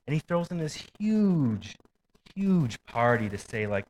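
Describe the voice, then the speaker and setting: A man's voice: mid-range voice, big pitch swings, unhurried, darkish tone, a little hiss or hum, rough recording. A man preaching a sermon in a casual, conversational way, with asides and light laughter. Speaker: pastor.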